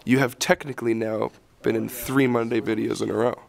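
A man's voice: medium pitch, fairly even intonation, a little fast, gravelly. A man hosting a casual vlog with a playful, jokey way of talking, filming in a movie theater at night. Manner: playful, jokey, hums tunes. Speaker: vlogger host.

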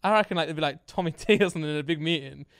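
A man's voice: on the high side, fairly bright tone, dry recording. A young man co-hosting a podcast, chatting casually and telling playful, jokey stories full of fillers. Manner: quick, jokey, playful storytelling with lots of fillers. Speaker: podcast co-host. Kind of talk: casual chat.

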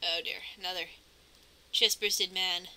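Bright-voiced woman commentating a game. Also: on the low side, steady tone, a little slow, low-quality recording. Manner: chatty, nervous reactions, self-narrating gameplay. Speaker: gamer commentating a playthrough. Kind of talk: let's play commentary.

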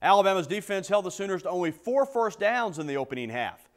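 A man giving scripted play-by-play narration of a classic football game in a brisk delivery. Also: high-pitched, lively intonation. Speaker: sports narrator. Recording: narration over loud music.

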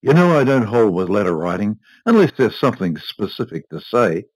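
A man's voice: on the low side, sing-song, brisk, a little mellow, dry recording, poor audio. A man doing a curt, domineering old husband. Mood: cold. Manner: curt, dismissive, clipped.

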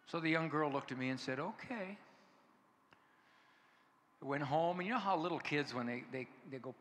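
A conference speaker gives a humorous talk to an audience, telling stories animatedly and acting out the dialogue. His voice is fairly high at a moderate pace, recorded in an echoey hall with faint noise.

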